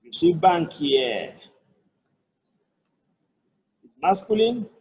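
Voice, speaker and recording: A man's voice: high-pitched, lively intonation, darkish tone, slightly rough, lo-fi sound. A man with a Nigerian accent teaching a French lesson, repeating and breaking down each phrase patiently. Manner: explains patiently, repeats phrases, slow careful French examples. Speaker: language tutor. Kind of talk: online language lesson.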